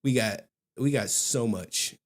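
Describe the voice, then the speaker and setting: A man's voice: mid-range voice, takes it slowly. A man hosting a live stream in casual commentary, slangy and laughing, with repeated asides.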